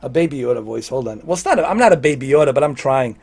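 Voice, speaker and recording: A man's voice: mid-range voice, lively intonation, racing, gravelly, a little mellow. A man in his forties chatting casually on a gaming livestream, rambling, repeating himself and giving earnest opinions. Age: 40s. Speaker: livestream gamer.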